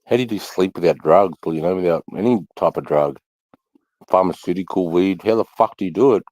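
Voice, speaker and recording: A man's voice: sits low, brisk, a little mellow, dry recording, low-quality recording. A middle-aged Australian man rambling casually to camera, swearing freely and sighing between thoughts. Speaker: vlogger.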